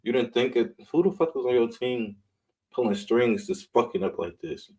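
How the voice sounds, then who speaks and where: A man's voice: medium pitch, expressive, moderate pace, darkish tone, poor audio. A man hosting a live online show, riffing in blunt, mocking casual commentary and swearing freely.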